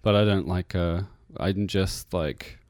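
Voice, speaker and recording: A man's voice: sits low, takes it slowly, a little mellow, dry recording, clean studio sound. A man with a New Zealand accent, a musician guest rambling through an interview with many fillers and restarts. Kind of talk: casual interview chat. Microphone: radio studio mic.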